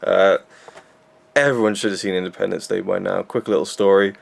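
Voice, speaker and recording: A man's voice: deep voice, steady tone, a little fast, vocal fry. A young man reviewing a film in a rambling, self-deprecating casual chat with lots of fillers.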